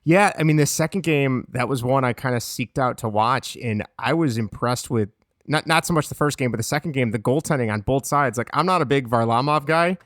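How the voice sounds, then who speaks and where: A man's voice: mid-range voice, brisk, fairly bright tone, no echo, clean studio sound. A man in his thirties co-hosting a casual hockey podcast, chatty and full of fillers while he recites stats. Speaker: podcast co-host. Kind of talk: casual sports chat.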